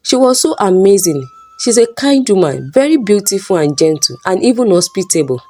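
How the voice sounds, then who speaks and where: A woman's voice: medium pitch, big pitch swings, moderate pace, dark tone, soft background music. A woman voicing an earnest young female student who pleads and explains. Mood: explaining.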